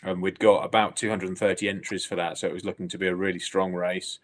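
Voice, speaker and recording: Low-pitched man, relaxed co-host, easygoing chat. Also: fast talker. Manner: relaxed, easygoing, with short replies. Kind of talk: casual live-stream chat.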